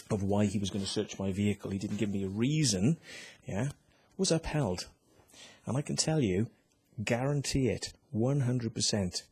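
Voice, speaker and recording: A man's voice: fairly low pitch, a little mellow, husky. A man with a British accent, ranting in a heated, profane and mocking way on a vlog while reading out a complaint ruling. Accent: British English. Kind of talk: angry vlog rant.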